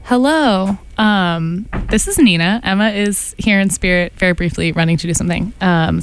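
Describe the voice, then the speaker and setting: A young woman signs off her college radio show in a loose, chatty way. Her voice sits in a middle pitch and she rambles easily, filling pauses with "um"s. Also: animated, slight background noise. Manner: chatty, loose, many fillers. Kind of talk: casual radio sign-off chat. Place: radio studio.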